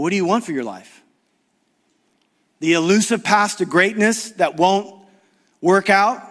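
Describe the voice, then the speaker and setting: Preaching at a conference, the middle-aged guest preacher shifts between loud, urgent emphasis and quiet, hushed appeals. He also performs the voices of the story's characters.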